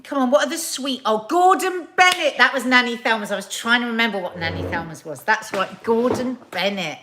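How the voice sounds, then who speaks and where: A woman's voice: a little high, brisk, background noise. A woman hosting a live stream, chatting casually and reading viewer comments aloud with playful, exaggerated delivery. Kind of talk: casual chat.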